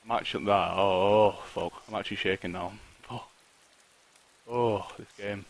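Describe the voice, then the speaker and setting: A man's voice: lowish voice, steady tone, moderate pace, poor audio. A man talking to himself while live-streaming a survival game, swearing often and griping at the game. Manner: swears a lot, talks to himself and the game, frustrated outbursts. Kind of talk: live gameplay commentary.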